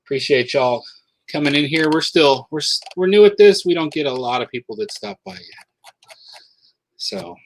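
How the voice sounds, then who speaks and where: A man from South Dakota hosting a casual livestream chat, upbeat and quick to laugh. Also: a little high, expressive, a little hiss or hum, low-quality recording. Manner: laughs often, chatty and upbeat. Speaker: host.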